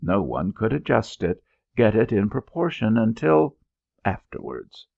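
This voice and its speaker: A man narrating an audiobook in an expressive storytelling manner. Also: on the low side, a little slow, gravelly, no room sound, muffled recording. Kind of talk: scripted narration.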